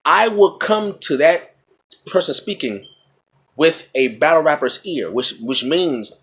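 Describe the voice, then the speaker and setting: A man's voice: on the high side, fairly bright tone, slightly rough. A man casually explaining battle rap rhymes in a teacherly way, repeating example words and checking in with "okay?".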